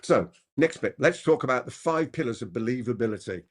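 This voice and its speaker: A man giving a live masterclass on persuasion as a trainer. He talks quickly and keeps asking the audience rhetorical questions. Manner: animated, with big pitch swings.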